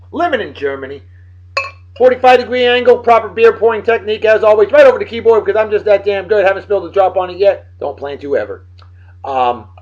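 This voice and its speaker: Man, late 30s, beer vlog host; boisterous and self-hyping, slightly high voice. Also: dull audio. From Martha's Vineyard, Massachusetts. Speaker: host of a beer-of-the-day show. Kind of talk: casual beer-tasting vlog.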